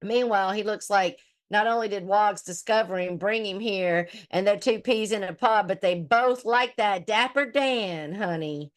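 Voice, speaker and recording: A middle-aged woman hosting a casual chat, talking at an ordinary middle pitch. She is blunt and heavily profane, trash-talking freely. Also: normal speed, hardly any pauses. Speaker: host.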